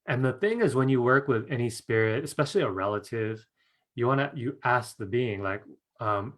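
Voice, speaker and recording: A man's voice: medium pitch, lively intonation, normal speed. A man teaching a live online class in a chatty way, often asking "right?" and laughing as he tells a story. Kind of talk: casual live-stream teaching with a told anecdote.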